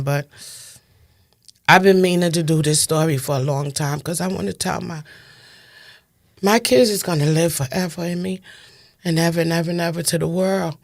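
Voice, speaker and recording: A Brooklyn woman in her fifties, with a New York accent and a low voice, gives impassioned, emphatic testimony as an interview guest. She repeats phrases to stress her points.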